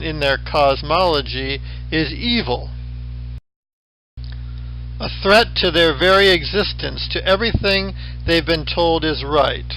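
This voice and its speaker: A middle-aged male professor from the western United States giving a recorded lecture with a slideshow, in a dry, wry way with deadpan asides. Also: fairly high pitch, poor audio.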